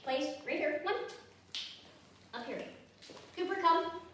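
A woman dog trainer teaching a hands-on lesson, giving the dogs brisk commands between explanations. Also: high-pitched, expressive, a bit bright, far from the mic, a little hiss or hum. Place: indoors at home with dogs. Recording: echoey room, voice from off the mic.

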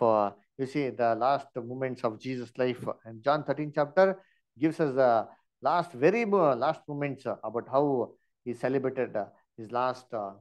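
A man teaching an online Bible study, asking many rhetorical questions and using many fillers. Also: medium pitch.

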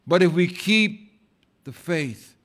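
With a high, animated voice, a male pastor preaches slowly and fervently in a church. He shifts between loud eruptions and soft asides, repeating words again and again.

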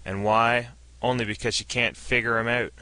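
A man's voice: mid-range voice, flat delivery, normal speed, bright, forceful tone, smooth, no echo, lightly acted. A man doing a weary, folksy small-town sheriff. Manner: folksy, plain-spoken.

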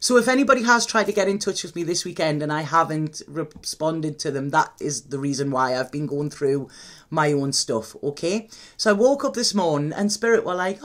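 A woman's voice: fairly low pitch, moderate pace. A woman speaks straight to her viewers as a tarot reader, opening up in a personal confessional monologue. Her talk is candid and emotional, with casual swearing dropped in without fuss.

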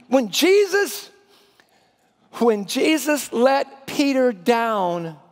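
Animated male pastor preaching in a hall. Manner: animated, drops to a hushed low voice for emphasis. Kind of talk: sermon. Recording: reverberant church hall.

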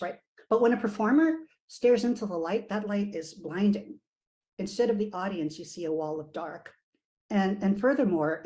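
A woman author reading her own fiction aloud at a virtual event, with expressive, shifting emphasis. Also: medium pitch, poor audio.

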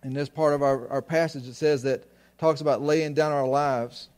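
A man's voice: fairly high pitch, fairly even intonation, normal speed, darkish tone. A man preaching a sermon to his congregation, often restarting phrases and asking them questions. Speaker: pastor.

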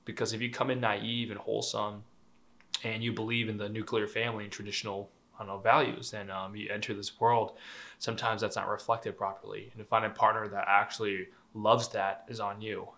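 A man's voice: fairly low pitch, flat delivery, a little fast, creaky, bright, forceful tone. A young man giving relationship advice in a casual, candid monologue, swearing freely, laughing lightly mid-sentence and tossing in "right?" asides.

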